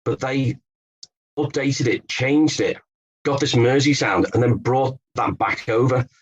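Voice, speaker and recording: A medium-pitched man with a breathy edge answers podcast interview questions, and the recording has its highs cut off. An author and Beatles expert from England, he tells stories in an explanatory way, with fillers and restarts.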